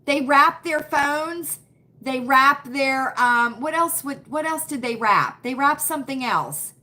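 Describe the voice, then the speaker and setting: High, bright-voiced woman chatting live. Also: expressive, slow. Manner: chatty, folksy, repeats phrases for emphasis. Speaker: livestream host. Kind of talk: casual live chat with viewers. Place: home. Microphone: computer webcam.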